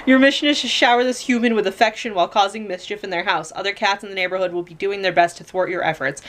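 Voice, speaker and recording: A woman's voice: on the low side, a bit bright. A young woman chatting casually at home in a haul vlog, rambling with lots of fillers and casual swearing, recorded on a camera mic. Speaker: vlogger. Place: home room.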